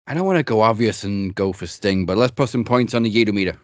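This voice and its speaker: A man's voice: lowish voice, quick pace, background noise. A man co-hosting a wrestling podcast in casual, joking chat, running a points tally. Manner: wry, joking, runs the points segment. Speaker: podcast co-host.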